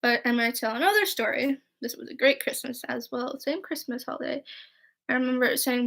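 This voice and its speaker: A woman's voice: high voice, fairly quick, vocal fry, fairly bright tone. A young woman vlogger telling casual, rambling stories, full of "like" and "right?" and quoting people in dialogue. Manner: chatty and rambling, with frequent "like" and "right?". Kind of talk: casual storytelling.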